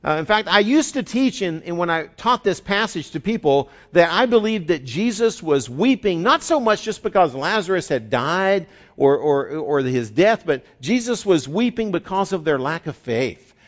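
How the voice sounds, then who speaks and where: A middle-aged male pastor preaching a conversational sermon, shifting from quiet reflection to fervent emphasis. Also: high voice, animated, moderate pace, hardly any pauses, muffled recording.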